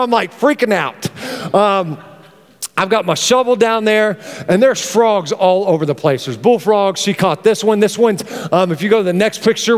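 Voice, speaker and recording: A middle-aged pastor, preaching a lively sermon and acting out his stories. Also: sits high. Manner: animated, storytelling with acted-out exclamations. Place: church hall. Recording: reverberant church hall.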